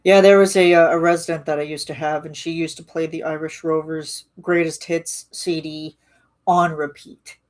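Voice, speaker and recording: Chatty woman, low-pitched. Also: flat delivery, moderate pace, a little mellow. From Canada. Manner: rambling, chatty, frequent restarts and fillers. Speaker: streamer chatting with viewers. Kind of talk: casual live-stream chat.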